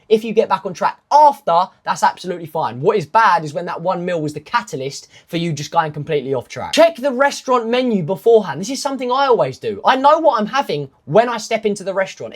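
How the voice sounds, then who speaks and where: Chatty male fitness coach giving rules. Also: high-pitched. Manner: chatty, with self-mocking asides; emphatic, stepwise lists of rules. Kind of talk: casual instructional talk.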